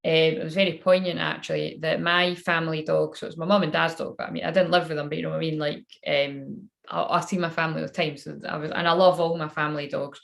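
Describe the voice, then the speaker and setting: A woman's voice: sits low, level tone, fast, creaky, hardly any pauses. A woman giving a casual live-stream oracle card reading as a spiritual counsellor. Her talk rambles and she often breaks off mid-sentence.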